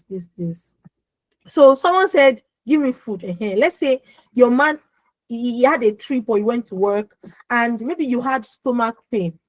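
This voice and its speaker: A young adult woman with a naturally loud voice, coaching an audience on a video call. She is emphatic, repeats words and keeps asking her listeners questions. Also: on the high side, no echo, poor audio. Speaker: emotional healing coach. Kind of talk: lively motivational talk on an online call.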